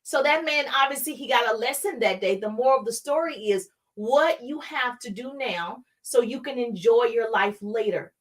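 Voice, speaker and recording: High-voiced emphatic woman coach. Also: moderate pace, hardly any pauses, distant mic. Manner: emphatic, repeats key lines, calls to the chat. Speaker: motivational speaker, home-business coach. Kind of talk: motivational live stream talk.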